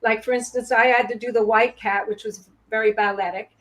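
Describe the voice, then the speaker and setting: Woman reminiscing about stage life, lively, often laughing, pitched a little high. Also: fairly quick, poor audio. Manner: animated anecdote-telling, laughs often. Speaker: guest, Broadway performer. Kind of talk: casual storytelling interview. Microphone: video call.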